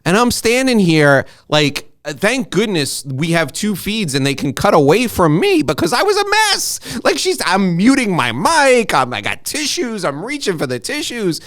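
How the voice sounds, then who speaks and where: A middle-aged American man hosting an interview, chatty and openly emotional, talking in quick asides with frequent restarts. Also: high-pitched, sing-song, a bit bright, no echo, clean studio sound. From United States. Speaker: podcast host and interviewer. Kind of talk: casual interview conversation.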